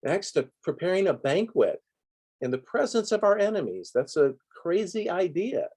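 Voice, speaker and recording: A man's voice: high-pitched, very animated, normal speed, darkish tone, slightly rough. A middle-aged man teaching a sermon in an earnest, rhythmic way, coming back again and again to a repeated refrain. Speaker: preacher.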